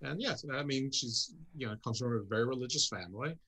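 A man co-hosting a casual wrestling podcast, wry and joking, with animated asides. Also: mid-range voice, fast, husky. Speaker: podcast co-host.

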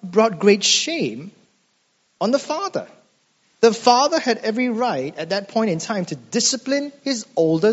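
A male preacher delivers a sermon in a high voice. He speaks slowly and emphatically and builds his points through dramatic repetition. The recording sounds dull, and a long hall reverb hangs after each line. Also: slightly rough. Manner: emphatic, dramatic repetition, addresses listeners as friends.

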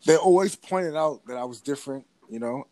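A man co-hosting a casual podcast, telling stories in a lively way with frequent restarts. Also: medium pitch, a little fast, no echo. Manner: animated storytelling with frequent restarts. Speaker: podcast co-host. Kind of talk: casual conversation.

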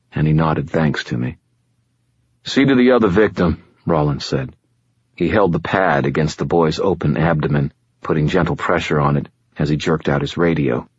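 A man giving steady, measured first-person audiobook narration on a dull, dry recording. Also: rumbling low, husky, dry recording.

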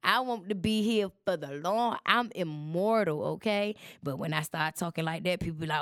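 A woman's voice: fairly low pitch, moderate pace, few pauses, clear, resonant tone, no echo, clean studio sound. A woman hosting her podcast in a chatty, preachy way, talking straight to her listeners. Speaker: podcast host. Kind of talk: casual chat.

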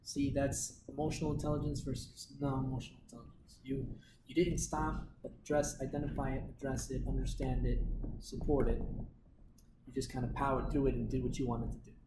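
A man teaching a team meeting, confident and direct as he walks through examples. His voice carries a roomy echo, and loud noise sits behind it throughout. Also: mid-range voice, level tone, fairly quick. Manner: assertive, explains with worked examples. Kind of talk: casual instructive talk. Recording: echoey room with loud background noise.

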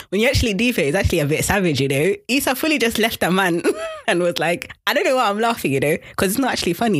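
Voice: mid-range voice, no echo, studio quality. A speaker giving a casual, chatty episode recap, gushing and laughing often. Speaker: TV episode reviewer.

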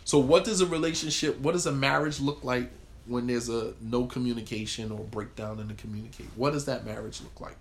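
Man leading a relationship workshop, casual and animated in his quotes, medium pitch. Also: fairly quick, gravelly, slight background noise. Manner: conversational, acts out quoted lines. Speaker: marriage workshop leader. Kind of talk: group discussion talk.

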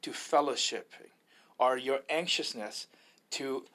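A man's voice: medium pitch, takes it slowly, bright, forceful tone. A man, an evangelist, sharing a personal faith testimony in an earnest, preacherly way, often quoting scripture.

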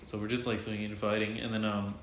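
A man's voice: lowish voice, level tone, fast, fairly bright tone. A man in his twenties telling a long story in casual chat, rambling with many "like"s and restarts. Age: 20s. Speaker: storyteller guest. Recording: echoey room with faint background noise.

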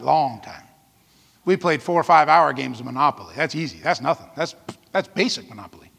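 A pastor preaching a sermon, telling folksy stories with asides and laughter. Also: male voice, sits high, creaky, pushed and bright, in a large hall.

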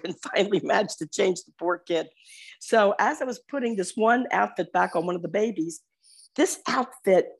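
A woman chatting casually as a guest, rambling through stories and laughing easily. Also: medium pitch. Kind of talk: casual chat and joke telling.

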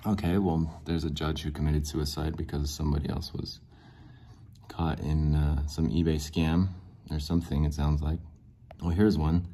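A man's voice: extremely low pitch, flat delivery, moderate pace, dark tone. A man hosting a podcast, talking through a rambling, sarcastic solo rant with lots of fillers. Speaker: podcast host.

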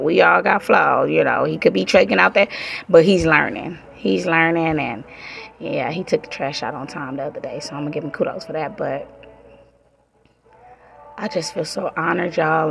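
Gravelly-voiced woman chatting candidly. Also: lowish voice. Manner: candid, profane, emotional. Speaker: vlogger. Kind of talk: casual chat to viewers.

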